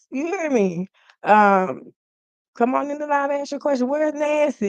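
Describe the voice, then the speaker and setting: A woman hosting a live stream of tarot readings, joking and preaching straight to her viewers in a casual, animated way. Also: sits high, measured pace, no echo.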